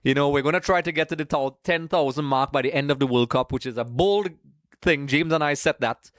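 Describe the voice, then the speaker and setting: A man's voice: on the high side, a little fast, fairly bright tone, no room sound, clean studio sound. A man from Trinidad, hosting a live watch-along stream in a casual, chatty way, greeting viewers by name and calling them folks.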